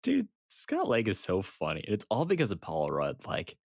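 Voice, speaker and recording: Lively low-voiced man on a casual podcast. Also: moderate pace, gravelly, no echo, studio quality. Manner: animated, laughing often, quoting movie lines. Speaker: podcast co-host. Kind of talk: casual chat.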